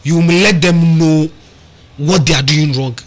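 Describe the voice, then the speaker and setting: A man's voice: fairly high pitch, a little slow, low-quality recording. A man, co-hosting a sports talk show and arguing his points emphatically, often repeating words. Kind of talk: animated radio sports debate.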